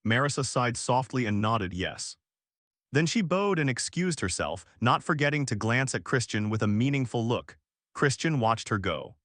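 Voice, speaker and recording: A man narrates a comic story recap from a script, in a lively storytelling manner. His pitch moves around with animation, and the recording is close and dry. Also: moderate pace, dry recording.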